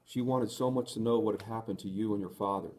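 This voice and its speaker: A man reading the part of a young woman who is tender and resolute, in an earnest, gentle voice. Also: fairly low pitch, fairly even intonation, fast, slight background noise, natural voice. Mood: grieving.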